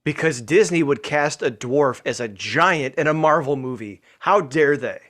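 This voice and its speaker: A man's voice: a little high, expressive, normal speed, a bit bright. A man co-hosting a casual comedy podcast, throwing in dry joking remarks. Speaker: podcast co-host.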